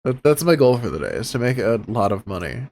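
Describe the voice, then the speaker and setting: A man's voice: medium pitch, very animated, fast, darkish tone. A man playing a tabletop game, talking casually with laughs and swearing. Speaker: player.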